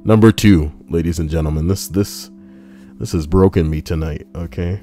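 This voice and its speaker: A low-pitched man with a dark, mellow tone hosts a live stream, reading online posts aloud. He reads casually and keeps breaking in with playful, mock-dramatic jokes. Soft music plays faintly behind him. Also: normal speed. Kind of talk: casual reading with joking asides.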